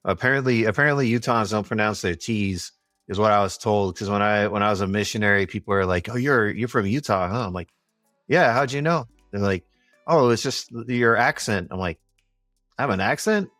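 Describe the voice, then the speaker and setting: A young man co-hosting a podcast, telling stories in a relaxed, chatty way. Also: lowish voice, fairly quick, dry recording, studio quality, faint music behind. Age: young adult. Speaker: podcast co-host. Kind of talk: casual chat.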